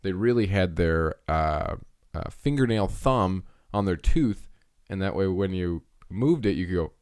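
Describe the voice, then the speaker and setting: Man, low voice, dry close mic, casual podcast chat, lively storyteller doing voices. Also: measured pace, clear, resonant tone, no room sound. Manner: animated storyteller acting out quoted voices. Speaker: podcast co-host.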